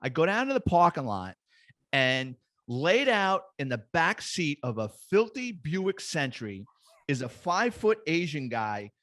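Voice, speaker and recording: A middle-aged man, a retired police detective, telling lively, profane anecdotes as a guest in a casual chat. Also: a little high, measured pace, no echo.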